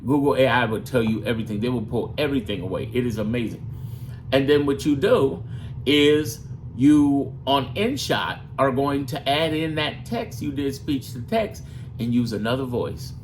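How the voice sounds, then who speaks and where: A man's voice: medium pitch, normal speed, soft background music. A man giving a brash, profane how-to talk as a gaming YouTuber, often slipping into put-on voices. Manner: fond of breaking into put-on voices. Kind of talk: casual how-to talk to camera.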